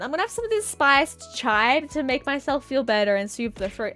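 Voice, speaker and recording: Woman streamer, high and highly animated, giggly rambling live-stream chat. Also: brisk, hardly any pauses, soft background music. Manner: rambling, giggly, playful tangents. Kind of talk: casual live-stream chat while drawing.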